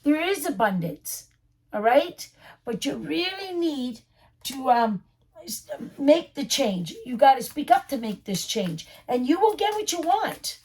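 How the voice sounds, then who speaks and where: A tarot reader gives a casual reading directly to the viewer, reassuring her and repeating her points. Her voice is high-pitched and a little slow, with big pitch swings and a darkish tone.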